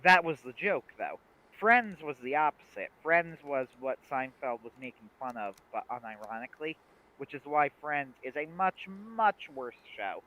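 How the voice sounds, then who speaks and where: A man co-hosting a livestream in casual chat, retelling scenes with lively acted-out quotes. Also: mid-range voice, moderate pace. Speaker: livestream co-host. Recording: dull lo-fi stream audio.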